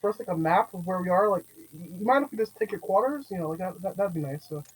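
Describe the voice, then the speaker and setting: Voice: mid-range voice, animated, fast, a little hiss or hum, rough recording. A tabletop game player talking casually and hesitantly, full of fillers and restarts. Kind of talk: casual tabletop role-play.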